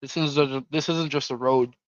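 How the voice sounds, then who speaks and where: A man's voice: mid-range voice, fairly even intonation, measured pace, no echo, highs cut off, close to an everyday voice. A man voicing a world-weary occult detective, dry and sardonic.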